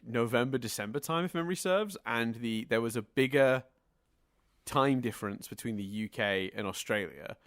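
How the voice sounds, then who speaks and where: A man's voice: medium pitch, a bit bright, no echo, studio quality. Chatty man co-hosting a podcast. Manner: chatty and rambling, talks in long winding sentences. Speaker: podcast co-host. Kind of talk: casual podcast discussion.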